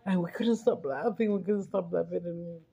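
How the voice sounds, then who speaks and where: Brief: woman vlogger, gravelly voice, rambling eat-and-chat storyteller. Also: fairly low pitch, moderate pace, dark tone. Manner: rambling chatty storyteller, mixes in Spanish, laughs often. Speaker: mukbang vlogger. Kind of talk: casual chat while eating.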